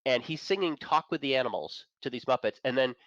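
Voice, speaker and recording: A man's voice: mid-range voice, expressive, fast talker, a bit bright, no echo, highs cut off. A man chatting as a guest on a talk show, enthusiastic and opinionated, chuckling between points. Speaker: guest, managing editor of an entertainment and tech site. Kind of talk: casual chat.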